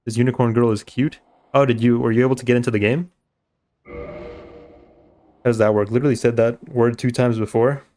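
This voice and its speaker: A man's voice: mid-range voice, fairly even intonation, normal speed, pauses often, mellow. A man streaming a game, giving rambling, chatty commentary and swearing casually.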